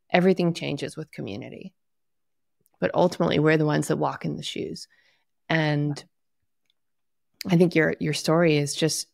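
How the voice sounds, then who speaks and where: A woman with a very low, gravelly voice talks in an earnest, reflective way. She sometimes sinks to a near whisper. The sound is dry and close. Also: no echo. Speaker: guest, wellness author. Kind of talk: casual conversation.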